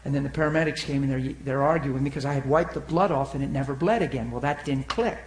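A man preaching and telling a personal story. He is animated and swings between loud and hushed speech. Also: mid-range voice, quick pace. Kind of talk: sermon testimony storytelling. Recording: echoey room with faint noise.

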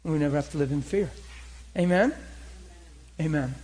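A man preaching to a crowd at a church meeting, telling a story in an animated way and acting out the voices in it. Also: fairly high pitch, very fast, slightly rough, poor audio. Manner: animated, laughing, acts out voices in his story. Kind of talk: storytelling sermon.

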